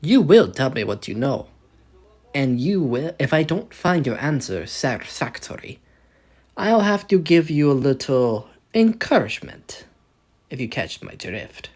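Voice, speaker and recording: A man voicing a sadistic young female mafia enforcer, with taunting, slow menace and an attempted mobster voice. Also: mid-range voice, sing-song, a little mellow. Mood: menacing. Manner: smooth, taunting, attempted Italian-American mobster voice.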